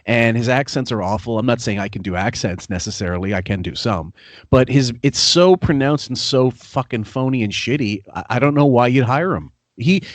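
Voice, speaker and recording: A Canadian-raised man hosting a casual podcast who rambles and swears bluntly. His voice sits at a middle pitch. The recording is dry and close. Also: dry recording. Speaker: podcast host.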